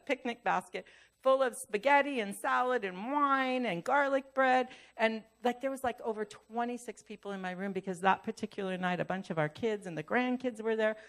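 An older woman giving a sermon, telling a personal story in an animated way and acting out the lines of other people. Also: fairly high pitch, gravelly. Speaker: pastor.

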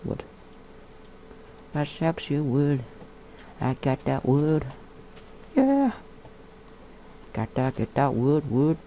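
A man's voice: steady tone, mellow. A man giving casual gameplay commentary in a put-on character voice, muttering, whispering and chatting to the animals on screen. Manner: puts on a slow, low, gravelly character voice. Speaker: gamer. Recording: dull lo-fi mic with faint hiss.

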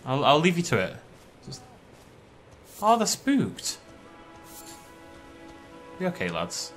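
A man's voice: fairly high pitch, wildly swooping pitch, takes it slowly, pauses often, fairly bright tone, faint music behind. A man giving casual let's play commentary, chatting to the characters on screen and breaking into sudden alarmed outbursts. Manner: chatty, talks to enemies, jumpy outbursts. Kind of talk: live gameplay commentary.

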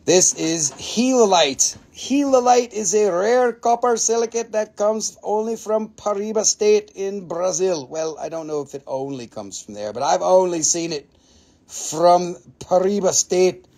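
An Appalachian man runs a live mineral sale, excitable and full of jokes, swearing freely as he goes. His voice sits fairly high with a gravelly edge. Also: unhurried. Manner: excitable, jokey, swears casually.

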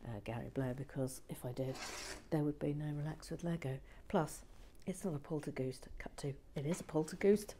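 A woman hosting a relaxed building vlog from her shed, reading comments with dry teasing humor and soft whispered asides. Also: sits low, normal speed, a little hiss or hum. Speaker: vlog host. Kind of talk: casual chat while building and reading comments.

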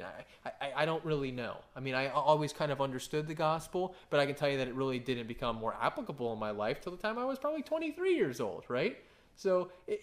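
A man in his thirties preaching a conversational sermon, telling stories and often checking in with "right?". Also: mid-range voice. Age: 30s. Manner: conversational, story-driven preaching with frequent "right?" asides. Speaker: pastor.

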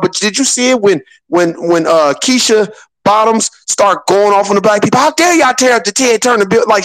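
High, impassioned man ranting. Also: no room sound, low-quality recording. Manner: impassioned, preachy, colloquial with rhetorical questions. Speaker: podcast co-host. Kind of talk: political commentary talk.

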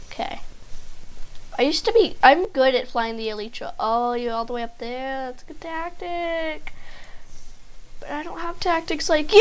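A young woman chats through a game session with a slightly high voice. She rambles with lots of fillers and breaks into sudden excited yelps as the game turns. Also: unhurried. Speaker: gaming video host. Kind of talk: casual gameplay commentary.

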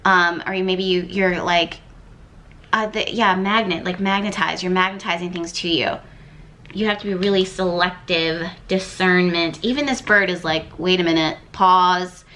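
A woman's voice: on the low side, fairly even intonation, moderate pace, sharp tone, a little hiss or hum. A woman giving a casual tarot reading to camera, thinking aloud and rambling with lots of fillers and repeated words. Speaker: tarot card reader.

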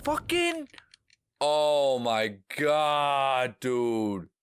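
A man's voice: medium pitch, wildly swooping pitch, very slow, slight background noise. A man giving profane, flustered commentary while playing a video game, exclaiming at what happens on screen. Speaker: gaming channel host. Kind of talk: live gameplay commentary.

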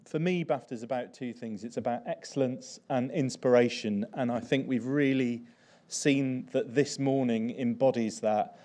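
A man's voice: medium pitch, warm tone. A man giving an earnest, somewhat hesitant award presentation speech.

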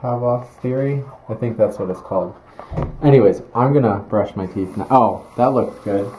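Very low-voiced woman vlogging. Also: moderate pace, dark tone, a little hiss or hum. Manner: chatty, laughs easily, talks to the camera. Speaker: vlogger filming. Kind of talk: casual vlog narration. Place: home, indoors.

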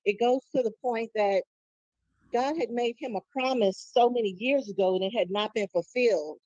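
A woman's voice: a little high, normal speed, mellow, no echo. Thoughtful woman on dull, dry audio. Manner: thoughtful, conversational. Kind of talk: Bible study discussion.

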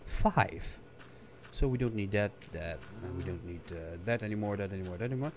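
A man with a hoarse, coughing voice, muttering to himself in casual gameplay commentary and breaking into frustrated outbursts. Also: fairly low pitch, expressive, fairly quick, over music. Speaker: gaming streamer.

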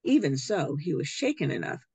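Expressive woman reading a picture book aloud. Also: low-pitched, normal speed, breathy edge, no echo. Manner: expressive storytelling. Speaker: children's book author. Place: library event room.

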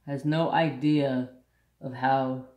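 A man's voice: mid-range voice, fairly even intonation, slow, a little mellow, roomy sound. A man hosting a craft channel, telling a country story bluntly and saltily in casual chat. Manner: blunt, salty rural storyteller.

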